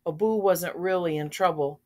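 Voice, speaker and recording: An older woman reading a children's storybook aloud, gently asking her young listeners questions. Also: on the low side, normal speed. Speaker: storybook reader.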